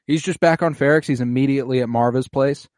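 Animated, profane man recapping an episode. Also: medium pitch, fast, no room sound, studio quality.

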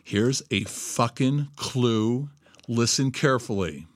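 A man's voice: medium pitch, slow, dry recording. Blunt, foul-mouthed man ranting. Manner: blunt, swears constantly, emphatic. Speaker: host. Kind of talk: profane motivational monologue.

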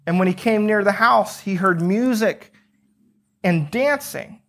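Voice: mid-range voice, a little slow, a bit bright. Here is a preacher walking listeners through a scripture passage with an easygoing, chatty delivery. The story is retold in plain everyday words, with rhetorical questions tossed out to the listeners along the way. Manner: conversational, asks rhetorical questions. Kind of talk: conversational Bible teaching.

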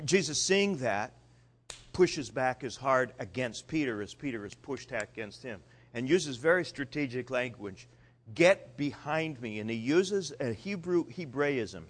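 A man preaching a sermon in an animated, conversational way with dramatic swings in his voice. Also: medium pitch. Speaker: pastor.

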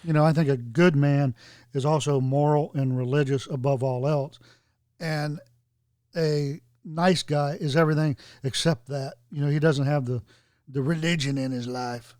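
Thoughtful man with a higher voice. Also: steady tone, moderate pace, a little mellow, no room sound, studio quality. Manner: thoughtful, reasoning aloud. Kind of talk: casual podcast chat.

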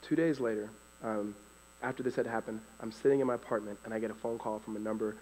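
A man from California telling a live faith testimony, animated and often laughing as he acts out voices. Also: fairly low pitch, quick pace, in a large hall, slight background noise, poor audio. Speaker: storyteller giving a faith testimony.

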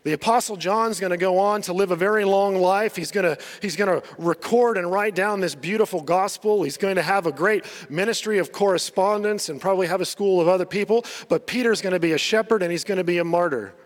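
A man's voice: high voice, brisk, few pauses, in a large hall. A male pastor preaching a sermon in a conversational way, laughing often and acting out the quotes he tells.

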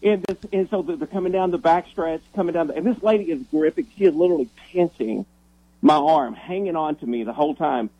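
A minister telling a story on the radio, with a slightly raised, husky voice. He talks fast and tumbles over his own words, restarting sentences as the excitement builds. The studio sound is dry and close. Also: a little high, no room sound, highs cut off.

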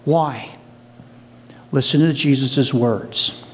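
A man's voice: mid-range voice, drawn-out words, slightly rough. A man preaching a sermon as a pastor, telling the story animatedly and speaking straight to the congregation. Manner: animated storytelling, acting out quoted voices; addresses the congregation directly.

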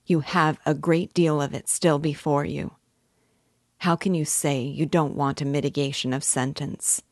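Woman reading middle-aged male police investigator, earnest, fatherly, pleading, low voice, dry close sound. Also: steady tone, a little slow, dry recording.

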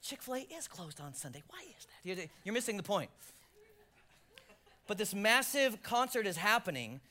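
A male pastor preaching a sermon, swinging from loud emphasis to hushed near-whispers, with jokey self-deprecating asides. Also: sits high, sing-song, moderate pace.

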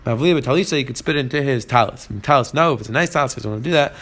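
A man's voice: mid-range voice, very fast, fairly bright tone. A man teaching a Talmud class, translating phrase by phrase as he goes. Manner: translating each phrase and mixing in Hebrew and Aramaic terms.

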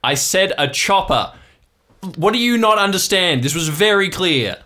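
A man's voice: on the high side, brisk, bright, forceful tone, voice pushed up. A man voicing an impatient, exasperated father who snaps at everyone. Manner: snappy, exasperated.

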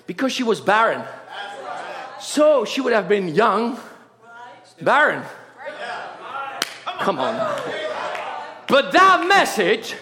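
A man preaching an impassioned sermon, often shouting out praise. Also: sits high, very animated, slow, long pauses, roomy sound, a faint crowd. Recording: congregation audible behind. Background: congregation.

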